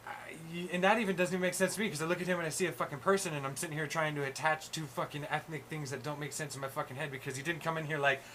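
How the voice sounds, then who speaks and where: A man in casual chat, hosting, ranting loudly and swearing constantly. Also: a little high, racing, hardly any pauses, a little hiss or hum. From USA. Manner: profane, ranting, animated. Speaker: host.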